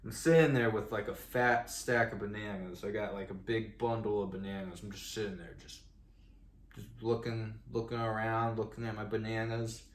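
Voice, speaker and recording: A man's voice: on the low side, fairly even intonation, normal speed. A young man co-hosting a podcast, telling a long story in a rambling, profane way full of "like". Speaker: podcast co-host. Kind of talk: casual chat, storytelling. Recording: roomy echo.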